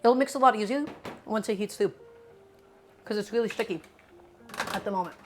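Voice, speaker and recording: A woman's voice: medium pitch, a little fast, music in the background. A woman cooking live in her home kitchen, casually chatting to her viewers in an upbeat, talkative way. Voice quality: chatty, upbeat, talks to the chat directly. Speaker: cooking streamer.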